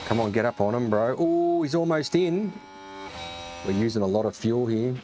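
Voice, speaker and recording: A man with an Australian accent commentating casually as he plays a racing game, excitable, swearing often and calling everyone mate. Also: mid-range voice, normal speed. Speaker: gaming streamer. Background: game music and engine sounds.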